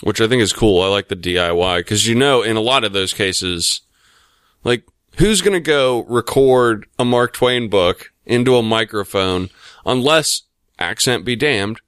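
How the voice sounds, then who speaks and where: A man from the United States talks in a loose, rambling way, swearing freely and circling back on himself. His voice sits a little low and comes across smooth and clear, recorded close and dry with no room sound. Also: lively intonation, measured pace, a bit bright, dry recording. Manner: rambling, profane, lots of fillers. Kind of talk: casual chat.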